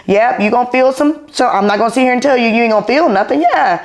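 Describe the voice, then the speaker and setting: A woman doing a blunt older mother who talks plainly and keeps insisting that her daughter can handle it. The voice sits somewhat higher than the speaker's own. It comes across as firm and reassuring. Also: quick pace, lightly acted.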